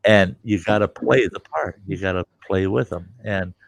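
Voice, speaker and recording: A middle-aged man with a deep, gravelly voice who spins folksy, rambling stories and acts out the people in them. He sounds close and dry, with no room ringing around him, as he hosts his livestream. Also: moderate pace, no room sound. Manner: rambling, colorful anecdotes with acted-out quotes. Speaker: livestream host. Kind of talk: folksy storytelling chat.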